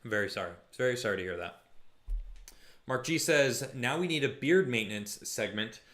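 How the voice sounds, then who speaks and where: A young man hosts a casual live stream and talks through viewer comments in an animated, chatty way. His voice sits at an ordinary middle pitch, and he moves easily between joking and serious moments. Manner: chatty, animated, quick mood swings from jokey to somber. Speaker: live-stream host reading chat.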